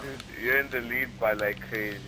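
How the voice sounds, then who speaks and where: A man's voice: medium pitch, fairly quick, very noisy. A young man bantering while playing a game, teasing and mocking himself. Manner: lively, teasing and self-mocking. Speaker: co-player. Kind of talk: casual gaming banter. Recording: loud music and game sounds. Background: music and gunfire.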